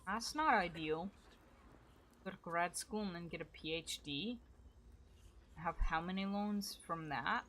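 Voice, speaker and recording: A woman's voice: on the low side, measured pace, pauses often, a bit bright, slight background noise. A young woman casually commenting while she plays a video game, self-deprecating and chatty, swearing now and then. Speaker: gaming streamer. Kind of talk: casual let's-play commentary.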